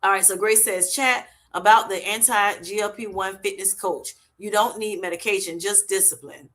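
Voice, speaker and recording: Bright-voiced woman hosting a live chat. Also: mid-range voice, steady tone, normal speed. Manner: laughs often, calls viewers honey and baby, reads comments aloud. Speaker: livestream host reading chat.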